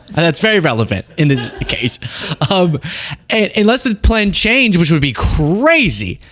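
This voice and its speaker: A man's voice: sits high, dry recording, clean studio sound. A young man hosting a political commentary show, talking casually and sarcastically with frequent laughs. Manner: animated, sarcastic, laughs often.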